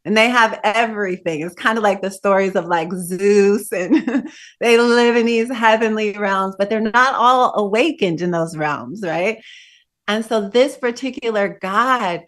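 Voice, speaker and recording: A woman meditation teacher telling a story during a dharma talk, animated and conversational with casual asides. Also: mid-range voice, unhurried.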